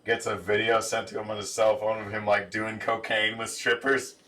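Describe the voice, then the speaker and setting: A man co-hosting a podcast, retelling TV scenes in an animated, laughing casual chat. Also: on the low side, moderate pace, recorded from a distance. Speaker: podcast co-host.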